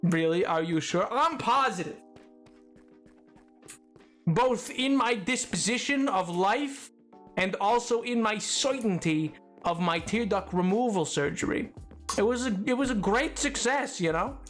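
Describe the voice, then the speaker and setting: Lively, playful livestream gamer. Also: medium pitch, measured pace, faint music behind. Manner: playful, excitable, jokey; reads out chat messages. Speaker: streamer. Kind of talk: casual gaming livestream chat.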